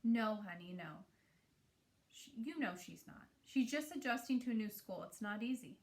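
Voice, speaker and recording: A woman reading as a tired, hushed mother. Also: fairly high pitch, lively intonation, moderate pace, natural voice. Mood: soothing, tired. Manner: hushed and comforting. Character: tired, loving mother soothing her son.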